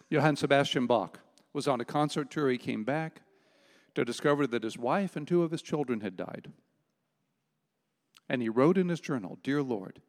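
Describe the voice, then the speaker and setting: An older man preaching a sermon as pastor, emphatic and slowing down to stress key words. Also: mid-range voice. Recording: long hall reverb.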